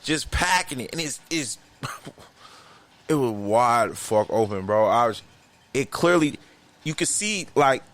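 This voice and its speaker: Brief: male podcast co-host, mid-pitch, loose and profane storyteller who laughs through his tale. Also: slow pace, pauses often. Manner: animated, profane, slangy, laughs often. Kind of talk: casual storytelling chat.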